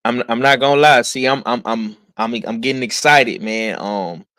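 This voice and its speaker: A man's voice: mid-range voice, moderate pace, bright, forceful tone, clear, resonant tone, no echo. A man hosting a casual sports chat, laid-back and drawling, often repeating himself. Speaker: host.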